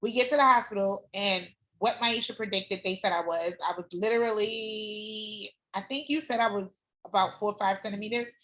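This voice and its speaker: A woman guest telling her own story in a casual chat, candid and animated, swearing freely. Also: mid-range voice, normal speed. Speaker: former doula client, guest.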